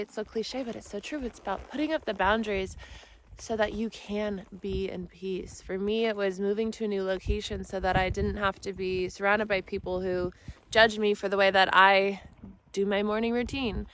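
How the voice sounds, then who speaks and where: A woman spiritual mentor talking in a soft, rambling, earnest way for her vlog, filming herself on a phone at arm's length while riding outdoors. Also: medium pitch, steady tone, normal speed, slight background noise, poor audio. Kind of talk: casual self-help vlog talk. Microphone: phone held at arm's length.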